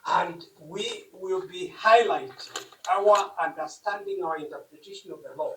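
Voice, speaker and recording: A man, an advocate making a formal legal submission to a court, with deliberate, emphatic phrasing. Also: high-pitched, a bit bright. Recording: echoey room, mic at a distance.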